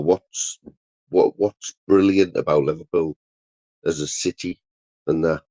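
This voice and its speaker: A man's voice: low-pitched, fairly even intonation, a little slow, mellow, lo-fi sound. A man hosting a casual interview, prodding his guest and repeating his questions.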